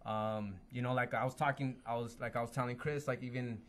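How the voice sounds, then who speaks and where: A man's voice: medium pitch, fairly even intonation, brisk, a bit bright. A man appearing as a musician guest in a casual chat, earnest and hesitant, with many fillers.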